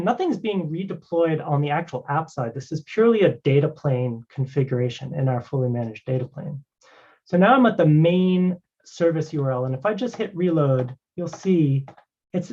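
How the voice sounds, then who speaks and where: Higher-voiced man explaining a live demo. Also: a little mellow. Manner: conversational, many fillers like "you know" and "right". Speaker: guest presenter demoing a cloud product. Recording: dull lo-fi stream audio.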